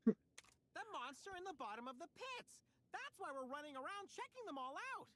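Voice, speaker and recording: A woman voicing a chatty, excitable little cat-like companion in a video game, talking in bouncy exclamations. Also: high-pitched, normal speed, slight background noise, full character voice. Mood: eager. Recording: game audio with loud music. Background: game soundtrack music.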